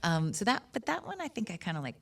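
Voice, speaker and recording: A woman's voice: on the low side, huge pitch swings, fast talker. A woman filmmaker and actor talking candidly at a live on-stage conversation, chatty and full of asides. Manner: chatty and candid, frequent laughs and "like". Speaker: filmmaker and actor, interview guest. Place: cinema auditorium with live audience.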